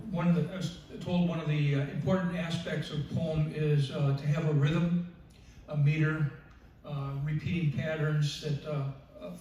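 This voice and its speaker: Man, halting workshop presenter, mellow dark tone, very echoey distant room. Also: a little high, a little hiss or hum. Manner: halting, many fillers and restarts. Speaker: writing group member presenting. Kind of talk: workshop talk on poetry. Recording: echoey room, distant mic, dull sound.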